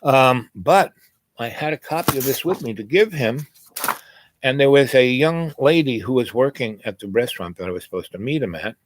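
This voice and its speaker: A man's voice: mid-range voice, lively intonation, moderate pace. A man telling a meandering personal story in a casual vlog, full of "you know" asides. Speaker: spiritual vlogger.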